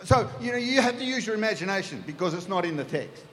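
A man's voice: sits high, expressive, quick pace, fairly bright tone, slight background noise. A man preaching a sermon, telling the story vividly and acting out the scenes. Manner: storytelling, acts out scenes in voices. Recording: echoey hall.

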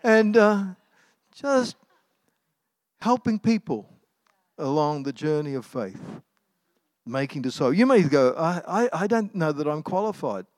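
A man's voice: fairly high pitch, sing-song, measured pace, pauses often, darkish tone, no room sound. A middle-aged man, preaching a sermon in a casual, storytelling way with many fillers and restarts. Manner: anecdotal, conversational, with many ums and restarts.

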